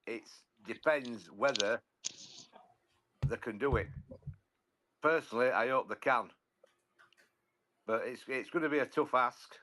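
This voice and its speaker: A man chatting about football on a podcast, often halting and repeating words as he talks. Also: mid-range voice, sharp tone. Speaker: podcast regular, football fan. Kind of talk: casual football chat.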